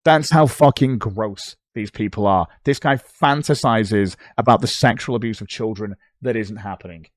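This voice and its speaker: A man's voice: on the low side, moderate pace, hardly any pauses, dry recording, clean studio sound. A British man on a livestream, talking back at posts he reads aloud in a sarcastic, sweary way. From Britain. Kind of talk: casual livestream commentary.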